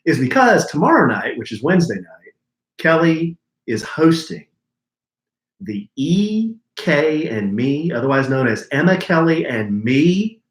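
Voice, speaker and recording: A man's voice: on the high side, sing-song, a little slow, roomy sound. A man co-hosting a casual podcast, joking and teasing his co-host. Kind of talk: casual chat.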